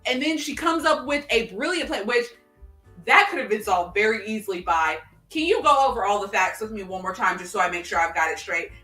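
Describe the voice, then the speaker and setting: Podcast co-host, woman, bright and tense tone, rambling storyteller full of "like", mid-pitch. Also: brisk, soft background music. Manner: rambling, heavy use of "like", acts out quotes while retelling. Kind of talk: casual chat.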